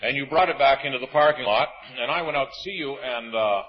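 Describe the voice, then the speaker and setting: A man preaching a sermon to a congregation in an auditorium, animated and acting out voices of the people in his stories. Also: mid-range voice, fast, dull audio.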